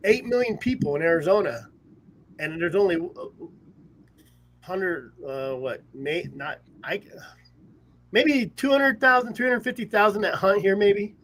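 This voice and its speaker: A man's voice: high-pitched, a little slow, long pauses, a bit bright. A rambling man, chatting casually on a podcast over a remote call. He tells his stories loosely and laughs often between them. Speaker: podcast host. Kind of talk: casual chat. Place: at home in a trailer.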